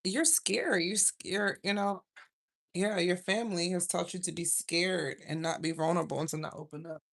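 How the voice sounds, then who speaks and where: A woman running a casual tarot livestream, chatting and rambling as she pulls cards. Her voice has a gravelly, creaky edge. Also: on the low side, fairly even intonation, moderate pace. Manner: rambling, chatty, self-interrupting. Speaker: tarot reader.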